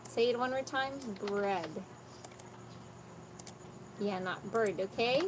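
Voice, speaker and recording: A patient woman tutor with a mid-range voice speaks slowly during an online English pronunciation lesson, correcting her student and repeating words slowly. Noticeable background noise runs through the recording.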